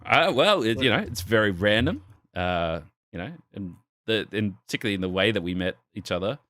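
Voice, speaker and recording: Aussie guy podcasting, low voice bouncing all over, swearing and laughing, dry close mic. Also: animated, brisk, fairly bright tone, dry recording. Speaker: podcast co-host. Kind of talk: casual podcast chat, storytelling. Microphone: desk microphone with arm.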